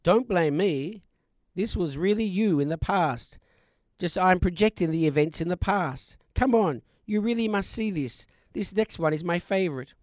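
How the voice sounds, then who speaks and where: A man's voice: high voice, lively intonation, normal speed, a little mellow, no echo. A man voicing a mysterious male ghost who coaxingly shows scenes from the past, in a comic stage play. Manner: coaxing, showman-like.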